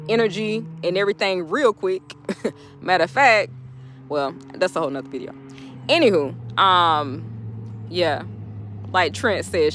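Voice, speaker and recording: Bright-voiced woman motivational speaker outdoors. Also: on the low side, a little hiss or hum. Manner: animated, laughing often, talking straight to viewers. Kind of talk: casual motivational vlog talk. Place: outdoors, birds in background.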